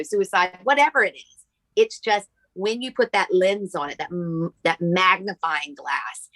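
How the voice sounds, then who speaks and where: A woman's voice: medium pitch, a bit bright, no echo. A woman healer, a guest in an interview, telling a story animatedly and acting out the dialogue.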